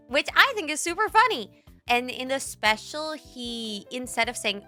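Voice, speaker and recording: Young Brazilian-born woman comedian, bright, slightly high voice, casual reaction chat with faint music underneath. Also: expressive, normal speed. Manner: chatty, laughs often, restarts sentences. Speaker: comedian reacting to a stand-up clip.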